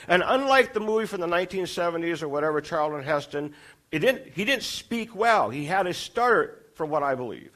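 Animated man preaching a sermon. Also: sits high, normal speed. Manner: animated storytelling, acting out dialogue with rising intensity.

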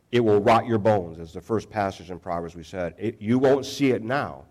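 A man's voice: fairly low pitch, darkish tone. A pastor preaching a sermon in a conversational, self-deprecating way, often restarting his sentences.

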